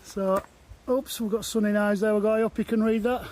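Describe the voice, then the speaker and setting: A man's voice: sits high, fairly even intonation, a little fast, a little mellow, slight background noise. A man chatting to camera as he walks hilly woodland paths, rambling and easily amazed, at times a bit out of breath. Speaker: walking vlogger. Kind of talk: casual walk-and-talk narration.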